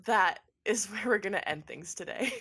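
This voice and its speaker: A woman's voice: mid-range voice, normal speed, gravelly, a bit bright, slightly rough. A woman running a tabletop role-playing game as game master, narrating with fillers and repeated words.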